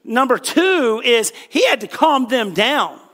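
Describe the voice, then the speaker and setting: Man, pastor, high voice, casual joking sermon, lots of fillers, long hall reverb. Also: very animated, slow, a bit bright.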